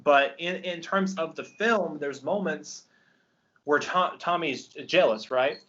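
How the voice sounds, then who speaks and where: A man with a fairly high, fairly bright voice takes his time as he hosts a film podcast, the recording missing its highs. In a casual review chat he enthuses about a favorite movie, rambling and restarting with many ums.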